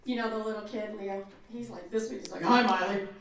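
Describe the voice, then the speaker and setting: Joking actress in an echoey panel room. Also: female voice, mid-range voice, quick pace, recorded from a distance, a little hiss or hum. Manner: jokey, animated storyteller, acts out voices. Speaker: voice actor, panel guest. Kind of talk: convention panel Q&A.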